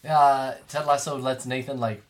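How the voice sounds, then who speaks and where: A man's voice: medium pitch, fairly even intonation, a little hiss or hum. A man co-hosting a podcast, chatting loosely and swearing while recapping episodes. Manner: loose, profane, quick retelling of scenes. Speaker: podcast co-host. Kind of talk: casual podcast chat.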